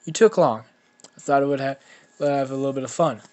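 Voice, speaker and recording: A man's voice: mid-range voice, level tone, fairly quick, a little mellow, natural voice. A man doing a weary, cocky young boy hero. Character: twelve-year-old boy hero, short-tempered and cocky.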